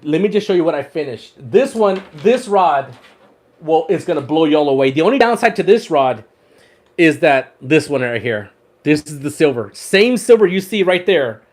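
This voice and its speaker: A man with a slightly high voice hosts a fishing livestream. He chats casually while showing off his rod wraps, repeats words and laughs often. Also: animated, normal speed, a little mellow.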